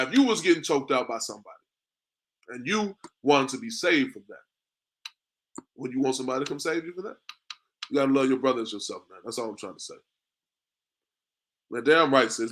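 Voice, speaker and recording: Bright-voiced man preaching scripture. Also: mid-range voice, slight background noise. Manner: conversational, repeats "man" and "you know what I mean"; reads scripture in a slow, drawn-out cadence. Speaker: street preacher. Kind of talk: street-corner preaching with scripture reading.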